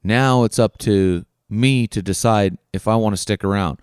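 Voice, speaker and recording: Man, podcast host, earnest coaching monologue, smooth resonant voice, dry close sound, frank with casual swearing. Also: fairly low pitch, normal speed, a little mellow, no echo. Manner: earnest, coaching, asks many questions. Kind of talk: reflective self-help monologue.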